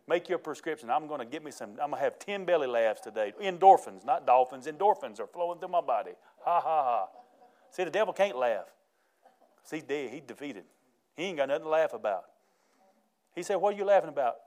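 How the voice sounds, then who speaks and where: Animated preacher man. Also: fairly high pitch, fairly quick. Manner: folksy, animated preaching with laughter. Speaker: pastor. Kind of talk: sermon.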